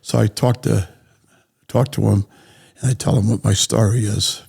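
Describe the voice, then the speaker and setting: A man telling a story in a blunt, profane, animated way as an interview guest. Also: fairly low pitch, moderate pace, vocal fry, breathy edge. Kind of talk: casual storytelling.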